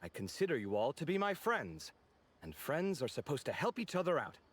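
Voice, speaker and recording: A dramatic, lively young architect. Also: male voice, fairly high pitch, a little hiss or hum. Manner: expressive, indignant, quick banter. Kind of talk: game voice acting.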